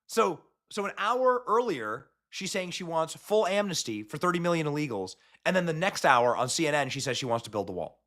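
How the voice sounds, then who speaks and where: A man hosting a political commentary show, mocking and sarcastic, talking in quick asides with frequent restarts. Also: on the high side, big pitch swings, a bit bright. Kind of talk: fast opinionated political commentary.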